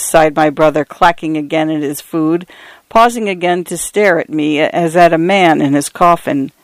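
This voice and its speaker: A man calmly reading first-person literary fiction as an audiobook narrator. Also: fairly high pitch, normal speed, dry recording.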